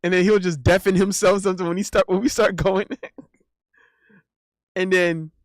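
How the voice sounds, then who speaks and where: A man's voice: high voice, fairly even intonation, moderate pace, no echo, clean studio sound. A young man telling a rambling, casual story as a streamer, with lots of restarts and laughter.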